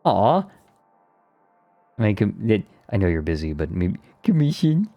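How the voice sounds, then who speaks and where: Thoughtful low-voiced man on stream. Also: sing-song, measured pace, no echo, muffled recording, faint music behind. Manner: thoughtful, nitpicky, laughing along. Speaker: streamer reading and critiquing a document. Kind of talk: casual analytical stream chat.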